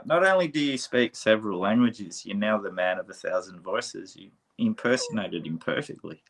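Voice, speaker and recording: A man hosting a casual interview, chatty and quick to laugh. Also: lowish voice, vocal fry. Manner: chatty, laughs often, animated asides. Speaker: host. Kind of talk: casual video-call interview.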